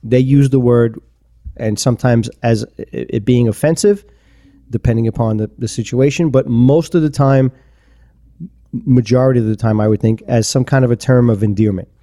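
A man's voice: medium pitch, moderate pace, mellow. A man co-hosting a podcast, making his point in a rambling, emphatic way full of restarts and repeats. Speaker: podcast co-host. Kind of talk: casual opinionated chat.

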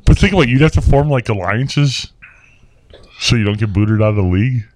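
A young man from Wisconsin co-hosting a casual podcast chat, insistent and quick to laugh, swearing casually. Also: mid-range voice, lively intonation, a little mellow, no room sound. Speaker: podcast co-host.

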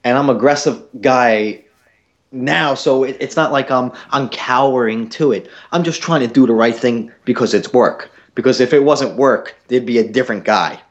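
A young man ranting on a podcast, his storytelling animated and full of swearing. His voice sits at an ordinary pitch. The recording sounds dull and lo-fi. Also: normal speed. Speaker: podcast host. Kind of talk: casual podcast chat.

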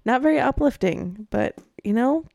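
A woman's voice: a little high, animated, normal speed, creaky, a little mellow, dry recording, dull audio. A woman hosting a podcast in casual chat, chatty and full of fillers, often laughing as she talks. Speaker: podcast host.

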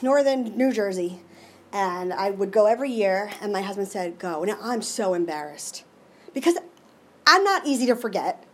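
A middle-aged woman giving a personal recovery share, emotional and expressive, with many restarts. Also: mid-range voice. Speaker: recovery meeting speaker.

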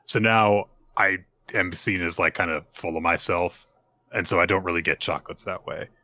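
A man's voice: sits low, steady tone, moderate pace, bright, forceful tone, no room sound. A man co-hosting a podcast, casually recapping manga chapters and acting out the characters' lines. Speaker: podcast co-host.

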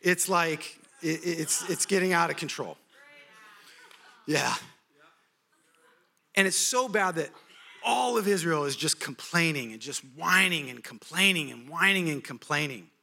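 A man preaching a sermon, telling a story in an animated, humorous way. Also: a little high, normal speed, vocal fry.

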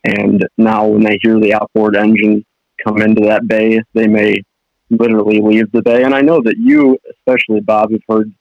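A man's voice: on the low side, little pitch movement, moderate pace, creaky, no room sound. A young man, a fishing guide and guest, talking casually in a rambling way with many restarts. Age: young adult. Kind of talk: casual podcast chat. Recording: dull dry podcast audio.

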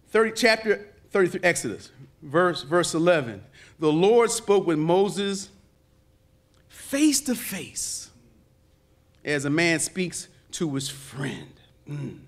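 A man preaching a sermon in call-and-response style, dropping to low murmurs and rising to shouts. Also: big pitch swings, a little slow. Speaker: pastor.

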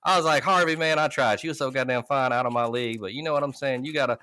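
Male podcast co-host, bright and animated, laughs a lot, dry close mic. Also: mid-range voice, quick pace, clear, resonant tone, no echo. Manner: animated, laughing, loud quoting bursts. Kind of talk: casual profane storytelling.

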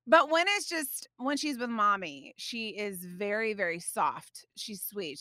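Bright, chatty woman podcast host. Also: mid-range voice, dry recording, clean studio sound. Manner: animated, chatty, frequent laughs; frequent fillers such as like and you know. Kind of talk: personal devotional storytelling.

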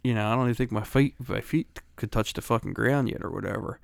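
A man's voice: medium pitch, fast talker, gravelly, dry recording, clean studio sound. A middle-aged man from Philadelphia, co-hosting a podcast, telling a profane, laughing story in casual chat. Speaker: podcast co-host. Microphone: close studio mic.

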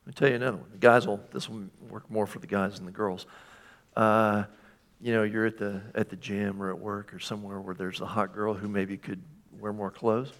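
A man's voice: lowish voice, little pitch movement, brisk, a bit bright. A man preaching a sermon in a conversational way, often putting questions to the congregation. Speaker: pastor.

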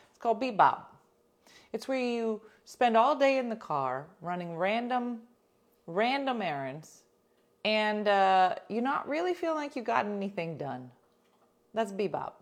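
A woman telling stories to her listeners in casual chat, animated and talkative, sometimes dropping into whispers for asides. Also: mid-range voice. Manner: chatty, animated, drops into whispers for quoted asides.

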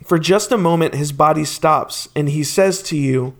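A man narrating a tabletop game as game master, slow and descriptive. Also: a little high, vocal fry, fairly bright tone.

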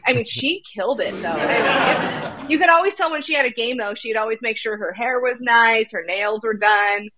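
A woman co-hosts a casual podcast with her husband, telling stories in a chatty, animated way. Her voice sits a little high, and the recording is dry, with no room sound. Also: normal speed, no echo. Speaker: podcast co-host. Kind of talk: casual chat.

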